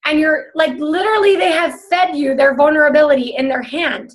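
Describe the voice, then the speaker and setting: A woman with a high, bright voice leads her team through a coaching call. She talks in a chatty, upbeat way and acts out the conversations she describes. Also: fairly even intonation, brisk.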